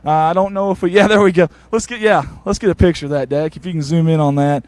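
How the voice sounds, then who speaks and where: A man, reporting from the sideline of a football field after a game and interviewing people with eager, warm praise. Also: fairly high pitch, fast, dry recording. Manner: excited, warm toward players, repeats "I'm gonna tell you something".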